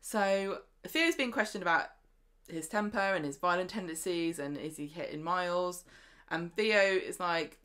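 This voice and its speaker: A woman's voice: fairly low pitch, unhurried, fairly bright tone. A woman co-hosting a podcast, chatting casually and acting out characters' lines as she retells the plot. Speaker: podcast co-host. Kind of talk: casual chat recapping a soap.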